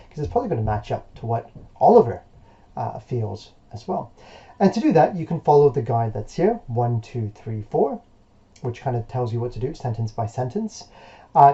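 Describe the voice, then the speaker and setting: A male teacher giving a recorded remote lesson in a relaxed, encouraging way, with plenty of hesitations and fillers. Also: medium pitch, highs cut off.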